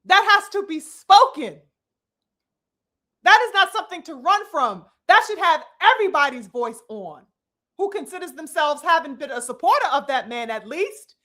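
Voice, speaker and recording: A woman's voice: extremely high pitch, very animated, moderate pace, pushed and bright. A woman giving impassioned live commentary, preachy and emphatic, swearing freely and addressing her listeners as brothers and sisters. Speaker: commentary host.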